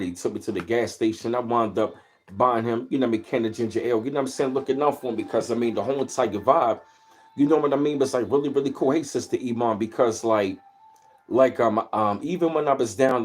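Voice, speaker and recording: A man hosting a casual livestream, telling rambling, easygoing stories and greeting viewers in between. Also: on the low side. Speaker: livestream host. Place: at home, where he lives in Maryland.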